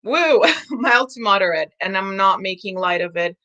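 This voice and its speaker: A woman's voice: mid-range voice, pushed and bright. Blunt, swearing woman coach. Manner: frank, emotional, heavy swearing and quick laughs. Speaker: business coach hosting a live stream. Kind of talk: casual live-stream chat reading comments.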